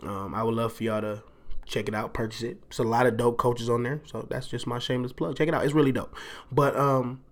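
A man's voice: mid-range voice, fairly even intonation, fairly quick. A man hosting a casual faith podcast, talking in a loose, rambling, slangy way with sarcastic asides and frequent laughs. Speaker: podcast host.

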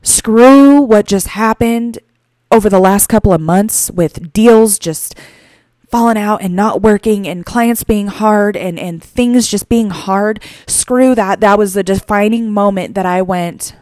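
A woman podcast host telling a moving personal story, tearful and halting, with frequent restarts. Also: medium pitch, a little mellow, no echo, clean studio sound.

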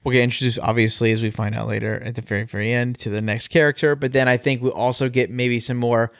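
A man's voice: medium pitch, little pitch movement, fast, fairly bright tone, dry recording, clean studio sound. A man co-hosting a casual podcast, joking and teasing his partner. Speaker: podcast co-host. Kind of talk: casual chat.

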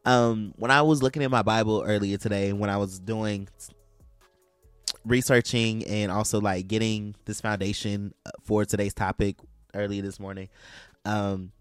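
A man's voice: fairly low pitch, steady tone, moderate pace, clear, resonant tone, dry recording, soft background music. A man hosting a casual faith podcast, talking loosely with lots of fillers and restarts. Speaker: podcast host.

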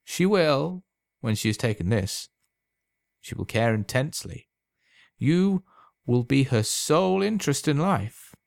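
A man voicing a sly, calm old man who sells love potions, speaking smoothly and unhurriedly in a quietly insinuating way. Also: medium pitch, measured pace, pauses often, no echo, clean studio sound, voice pushed up. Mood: persuasive.

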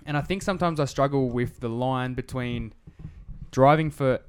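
Australian man, mid-pitched voice, casual podcast chat, sweary, animated storytelling. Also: moderate pace, smooth. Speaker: podcast co-host.

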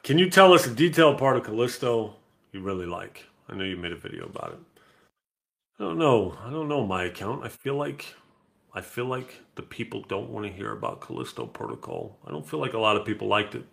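A man's voice: fairly low pitch, sing-song, a little fast, creaky, a bit bright. A middle-aged man hosting a live podcast, talking in a blunt, profane, casual way. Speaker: podcast host. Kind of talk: casual live-stream chat.

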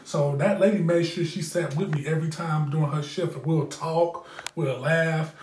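Man telling a story, profane, rambling, candid, somewhat high voice, roomy echo. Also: steady tone, normal speed, a little mellow, slight background noise. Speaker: podcast host. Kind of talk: casual storytelling.

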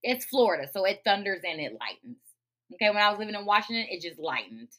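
Woman, podcast host, profane rant, forceful bright voice. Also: mid-range voice, sing-song, fast. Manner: blunt and profane, swings loud and fired up. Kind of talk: unfiltered storytime rant.

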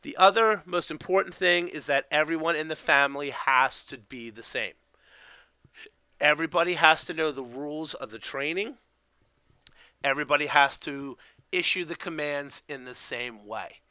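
A man teaches obedience basics in a casual, rambling way, stopping after each point to ask "okay?". His voice is bright and crisp and pitched a little high. The recording is dry, with no room sound. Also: moderate pace, no room sound. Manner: keeps tagging sentences with "okay?"; loose, conversational, with fillers and restarts. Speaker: dog training instructor. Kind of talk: instructional talk.

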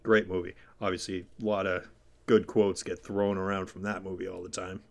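Low-voiced man chatting on a podcast. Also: normal speed, vocal fry. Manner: animated, jokey, quotes lines in put-on voices. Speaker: podcast co-host. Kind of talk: casual chat about horror movies.

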